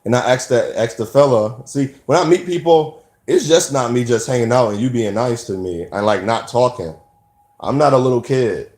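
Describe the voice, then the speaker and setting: A man's voice: mid-range voice, moderate pace, a little mellow, roomy sound. A man talking earnestly in an unscripted monologue, preaching about commitment, with many restarts and repeated words. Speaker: self-made video speaker.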